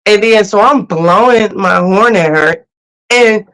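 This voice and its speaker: A host chatting casually on a livestream, greeting viewers and telling stories in an animated, laughing way. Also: medium pitch, unhurried, clear, resonant tone, low-quality recording. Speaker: cruise channel host.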